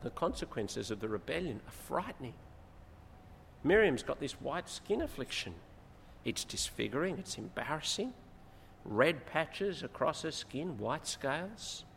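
Male preacher, slightly high voice, expository sermon, echoing hall. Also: a little slow, vocal fry. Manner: expository, rises in emphasis, animated retelling. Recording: long hall reverb, faint noise.

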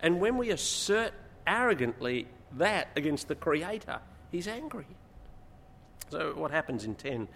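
A man's voice: on the high side, measured pace, gravelly. A man preaching a sermon and explaining scripture, his voice rising when he stresses a point. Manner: expository, rises in emphasis, animated retelling. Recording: long hall reverb, faint noise.

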